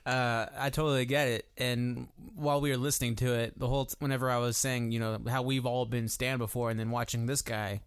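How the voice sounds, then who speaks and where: A man co-hosts a casual music podcast into a desk microphone, laid-back and swearing freely in loose, filler-heavy chat. His medium-pitched voice is clear and resonant, delivered flat and brisk with few pauses.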